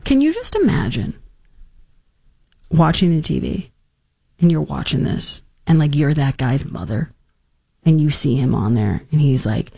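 Sarcastic woman talk show host, lively pitch. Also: a little slow, creaky, long pauses, slightly rough, no echo, studio quality. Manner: sarcastic, mocking, animated. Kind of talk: casual political commentary.

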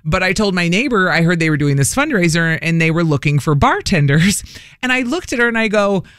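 Male radio host, light pitch, polished tone, loose and chatty, prone to restarts. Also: expressive, a little fast, a bit bright, clear, resonant tone, no room sound, clean studio sound. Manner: rambling storyteller, trips over his own starts. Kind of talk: casual on-air banter.

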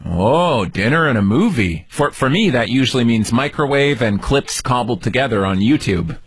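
A man's voice: mid-range voice, animated, moderate pace, slightly rough, no echo. A man hosting a radio call-in show, teasing and joking with a caller. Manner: playful, teasing. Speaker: radio host.

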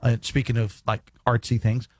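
A man's voice: medium pitch, flat delivery, moderate pace, a little mellow, husky, no room sound. A man with a Southern West Virginia accent hosting a talk radio show, bantering in a joking, laid-back way. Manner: joking, laughing, sing-song sign-offs.

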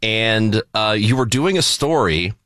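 A male co-host talks with a bright, forceful edge and lots of movement in his pitch. He teases and laughs through the chat, and his voice sounds dry and close. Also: unhurried, dry recording. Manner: teasing, laughing, animated. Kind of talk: casual chat.

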